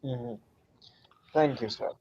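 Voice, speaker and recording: A man's voice: mid-range voice, takes it slowly, warm tone. Male player on a dull lo-fi line. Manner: brief, agreeable replies. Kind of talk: casual tabletop play.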